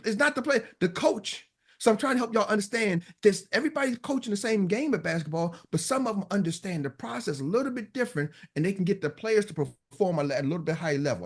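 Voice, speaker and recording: Brief: male coach, high-pitched, emphatic and repetitive, motivational group-call style. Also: a bit bright. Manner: emphatic, repeats himself, acts out customer lines. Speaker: sales coach and host.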